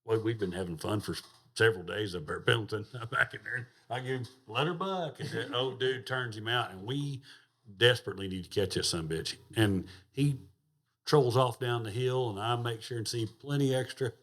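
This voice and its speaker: A man's voice: mid-range voice, brisk, fairly bright tone. A man, a podcast guest telling a rowdy, profane story in casual chat and laughing as he goes. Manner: rowdy, profane, laughs through his stories. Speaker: podcast guest, rodeo champion.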